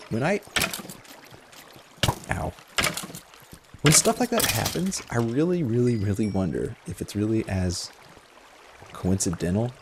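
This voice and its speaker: Man, low gravelly voice, lively swoops, casual rambling gamer storytelling, noisy home mic. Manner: rambling, filler-heavy, self-deprecating. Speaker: Minecraft video host. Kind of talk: casual storytelling while playing a game.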